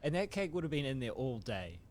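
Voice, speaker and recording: A man's voice: medium pitch, sing-song, fairly quick, a little mellow. A man, chatting laid-back and giggly as a podcast co-host who brings up news items. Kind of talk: casual chat.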